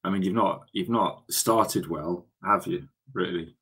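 A man's voice: low-pitched, unhurried, fairly bright tone, slightly rough. A man co-hosting a casual podcast, teasing his fellow host. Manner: teasing banter. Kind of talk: casual chat.

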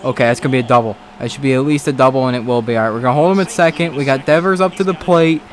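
A man giving casual let's-play commentary on a baseball video game, excitable, swearing and talking back to the game. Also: mid-range voice, very fast. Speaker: gaming commentator.

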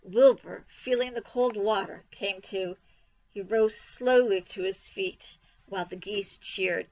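A woman reading a children's storybook aloud for a library, with an expressive, lively delivery. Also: medium pitch, slow, dull audio.

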